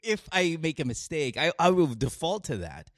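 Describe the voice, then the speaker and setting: A man's voice: a little high, big pitch swings, normal speed, a bit bright, no room sound, clean studio sound. A man from the Philippines hosting a podcast in casual, rambling chat, laughing often. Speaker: podcast host.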